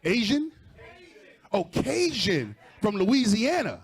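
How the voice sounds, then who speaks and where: A man's voice: high voice, huge pitch swings, slow, breathy edge. A man doing stand-up crowd work before a live audience, teasing people and laughing at his own jokes. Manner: teasing, laughing, talking straight to audience members. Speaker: stand-up comedian.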